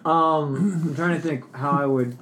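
A man's voice: a little high, steady tone, a little slow, fairly bright tone, a little hiss or hum. A man in a casual chat, rambling and hesitant, with many fillers and restarts.

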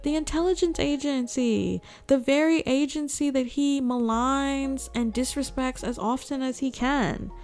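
A woman's voice: high-pitched, a little mellow. A woman hosting a political news commentary, talking sarcastically and throwing out rhetorical questions to her viewers. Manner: sarcastic, asks rhetorical "guess what" questions. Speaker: host.

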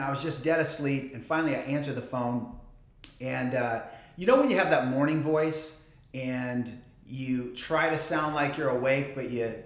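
Pastor, 40s, male, relaxed sermon with jokes, roomy echo. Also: mid-range voice. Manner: conversational, joking asides, many fillers.

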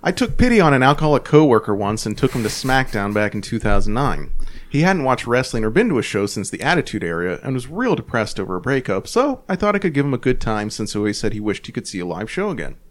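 A man co-hosting a casual podcast, reading a forum story aloud with laughs and animated delivery. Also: mid-range voice, quick pace. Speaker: podcast co-host.

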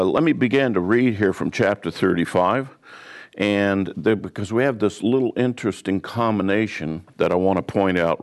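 A man teaching a sermon, reading and explaining scripture in an unhurried way, with frequent pauses and restarts. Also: deep voice. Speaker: pastor. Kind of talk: verse-by-verse Bible teaching.

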